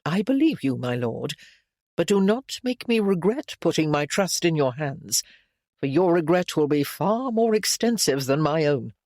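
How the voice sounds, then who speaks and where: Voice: medium pitch, very animated, unhurried, darkish tone, no room sound, studio quality. A reader voicing a stern, protective aunt who speaks firmly and formally in an audiobook. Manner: firm, warning, formal. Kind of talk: audiobook character voice.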